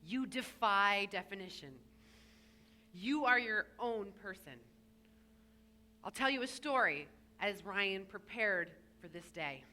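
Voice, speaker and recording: Give me a woman rabbi telling a story in her sermon, with a crisp, bright voice and light humor. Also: medium pitch, animated, slow. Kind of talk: sermon addressed to a bar mitzvah child. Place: synagogue sanctuary.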